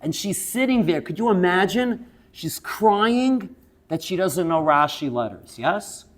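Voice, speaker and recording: A male teacher lecturing students. He tells lively stories, laughs as he goes and keeps checking in with "yes?". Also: sits high, unhurried. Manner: laughs while telling stories.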